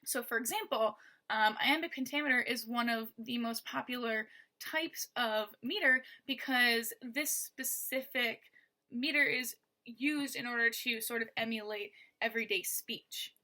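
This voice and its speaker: Woman teacher explaining stuff slowly, bright tense voice, a bit high, leans on words to show the beat. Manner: patient, stresses words to demonstrate. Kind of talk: explaining poetry lesson.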